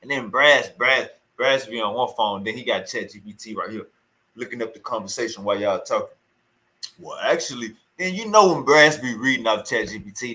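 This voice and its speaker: Bright-voiced man hyping and taunting. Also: medium pitch, low-quality recording. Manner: teasing, repeats taunts over and over. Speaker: streamer reacting to a call. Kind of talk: loud mocking commentary.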